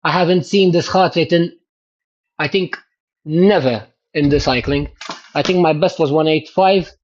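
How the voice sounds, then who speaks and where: A man chatting excitedly to his livestream viewers about his cycling race results, exclaiming often. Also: a little high, measured pace, muffled recording, a little hiss or hum. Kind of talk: casual livestream chat.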